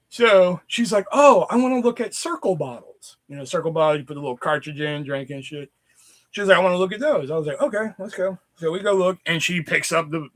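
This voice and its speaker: A man with a fever chatting casually on a livestream, telling a rambling story full of swearing and loudly acted quotes. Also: on the high side. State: sick with a fever. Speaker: streamer.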